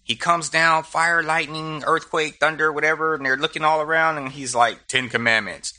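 A man's voice: fairly high pitch, flat delivery, normal speed, bright, forceful tone. A middle-aged man teaching a Bible study, retelling scripture with humor and slang.

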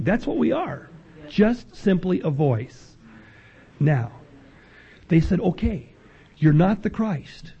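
A man preaching a sermon as pastor, emphatic and rising to loud peaks. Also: sits high, expressive, unhurried, creaky. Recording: dull lo-fi sound.

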